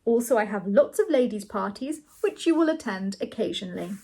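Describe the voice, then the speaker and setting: A woman reading the lines of a pompous, condescending male earl in a storybook, in a grand, airy manner with a husky voice. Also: mid-range voice, animated, fairly quick, dark tone. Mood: lofty.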